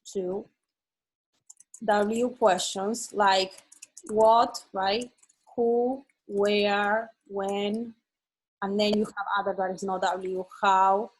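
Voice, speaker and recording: Woman, online teacher, husky, mid-pitched, patient, checks for understanding. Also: fairly even intonation, extremely slow, poor audio. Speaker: Spanish teacher. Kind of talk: online language lesson.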